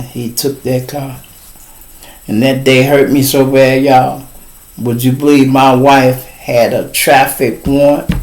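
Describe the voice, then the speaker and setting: A middle-aged man with a Chicago accent, hosting a podcast and telling a casual street story, calling out to listeners. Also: mid-range voice. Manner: animated street storytelling, addresses listeners as y'all. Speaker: podcast host.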